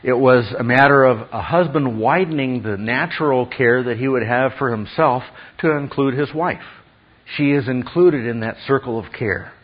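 Male preacher, husky and emphatic, dull lo-fi sound, asks "okay?" between points. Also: medium pitch, normal speed. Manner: emphatic, with acted quotes and frequent "okay?". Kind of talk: sermon.

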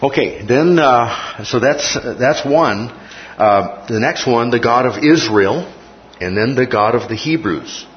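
A man's voice: medium pitch, animated, slow pace. A man teaching a Bible class in a classroom lecture, often repeating key phrases and checking in with "okay?". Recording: muffled recording with faint noise.

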